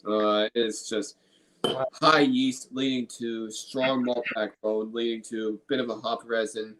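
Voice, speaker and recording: A man's voice: mid-range voice, flat delivery, a little slow, a bit bright, low-quality recording. A man from Illinois hosting a casual beer review, enthusiastic and profane, often repeating his phrases. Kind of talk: casual beer tasting chat.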